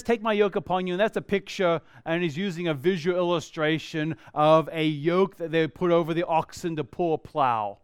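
A pastor, a man in his thirties, preaching a sermon with animated swings between loud exclamations and soft, hushed asides. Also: high voice, clean tone, dry recording, studio quality.

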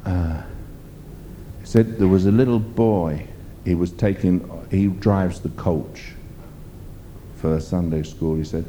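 A man's voice: low-pitched, fairly even intonation, takes it slowly, dark tone, slight background noise. A man preaching a sermon, emphatic and rambling as he tells stories. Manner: emphatic, rambling storytelling with fillers.

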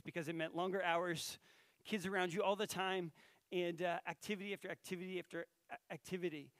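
A man's voice: high voice, fairly bright tone, no echo. A man giving a conversational sermon, telling a story and putting questions to his listeners. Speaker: pastor.

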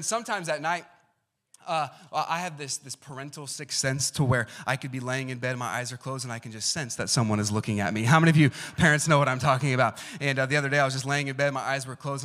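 Male pastor, sermon, conversational, asks the congregation questions, frequent fillers, mid-pitched voice. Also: steady tone, fast talker, fairly bright tone. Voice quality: conversational, uses acted quotes and asides.

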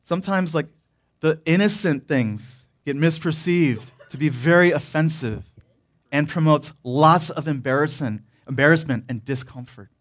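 A man's voice: a little high, moderate pace. A man preaching a sermon, telling a personal story with laughing asides and frequent restarts. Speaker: pastor.

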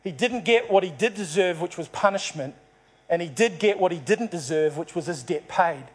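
A man's voice: high-pitched, expressive, normal speed, breathy edge. A man preaching a sermon to a congregation, telling a story and acting out its dialogue. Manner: storytelling, acts out dialogue in the parable. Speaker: pastor.

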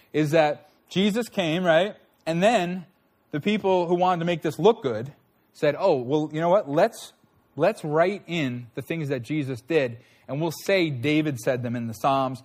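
A man's voice: on the high side, darkish tone. A man preaching a sermon in a conversational way, often checking in with his listeners. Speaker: pastor.

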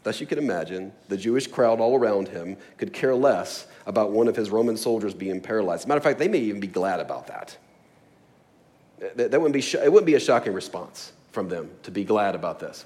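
Male pastor mid-sermon, animated delivery with a lot of pitch swing, plays out little scenes. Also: brisk. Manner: animated storytelling with acted asides.

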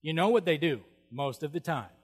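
A middle-aged man preaching a sermon, animated and humorous, often exclaiming in wonder. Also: fairly high pitch, fairly quick, breathy edge. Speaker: pastor. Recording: long reverb of a large hall.

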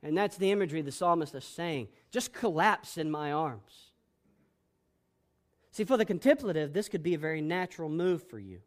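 A man preaching a sermon as pastor, boisterous and emphatic, swinging between loud declarations and hushed, soft passages. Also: on the high side, lively intonation, quick pace, hardly any pauses.

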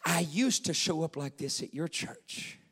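A man voicing God as a solemn, hushed male voice, speaking slowly and nearly whispering. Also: fairly high pitch, animated, slightly rough, voice pushed down, full character voice. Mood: hushed, grave. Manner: slow, hushed, near-whispered.

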